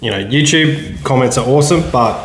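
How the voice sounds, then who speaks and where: A man's voice: medium pitch, brisk, echoey room, a little hiss or hum. An Australian man co-hosting a podcast, chatting bluntly and swearing freely as he tells stories. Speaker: podcast co-host. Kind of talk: casual chat.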